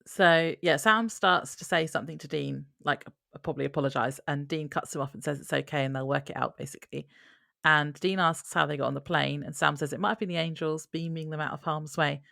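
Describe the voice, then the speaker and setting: Low, gravelly-voiced woman co-host. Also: a little fast, pushed and bright, no echo, clean studio sound. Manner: giggly, easygoing recapper. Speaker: podcast co-host. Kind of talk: casual TV episode recap chat.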